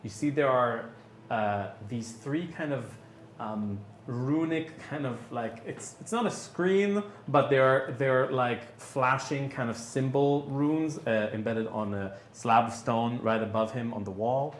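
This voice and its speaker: A man narrating a tabletop game as game master, halting with many fillers and restarts. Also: medium pitch, echoey room, slight background noise.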